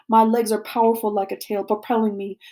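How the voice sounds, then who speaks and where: A woman reading a novel aloud to a class, expressive and dramatic, sometimes dropping to a hushed voice. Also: mid-range voice, fairly quick. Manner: expressive, dramatic, drops to a hushed voice for tense moments.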